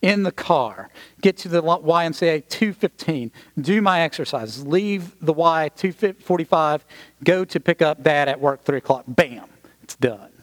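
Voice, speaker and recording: A man preaching a sermon, telling a personal story in a conversational, animated way with asides to the congregation. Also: a little high, a little slow.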